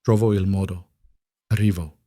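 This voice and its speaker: A man voicing a frightened young woman, a waitress hiding her past, speaking quietly and tensely with an Italian accent. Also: low-pitched, steady tone, fairly quick, no room sound, studio quality, natural voice. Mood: hushed. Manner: hushed and tense.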